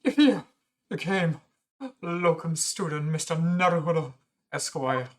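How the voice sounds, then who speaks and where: A streamer voicing an excitable, breathy young male novelist from a game, gushing and theatrical. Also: mid-range voice, background noise, natural voice. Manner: gushing, theatrical, drawn-out emphasis. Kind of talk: voicing game dialogue on a livestream.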